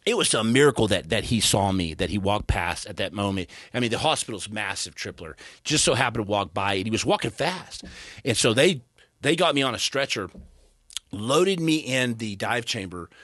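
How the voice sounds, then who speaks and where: A man in his thirties with a low voice recounts his story as a podcast guest, earnest and animated, often stumbling and restarting mid-sentence. The sound is dry and close, with no room around it. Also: moderate pace, no echo. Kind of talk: casual storytelling. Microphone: studio podcast mic.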